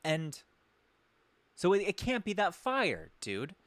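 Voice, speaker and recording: Male podcast host, sarcastic comic storyteller, self-correcting, lively pitch, dry close sound. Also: slow, no room sound. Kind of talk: comedic storytelling.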